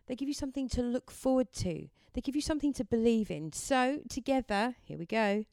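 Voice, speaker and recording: A woman giving a gentle, encouraging mindfulness talk and leading listeners through affirmations. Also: on the high side, lively intonation, brisk, gravelly, no echo. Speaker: self-help speaker.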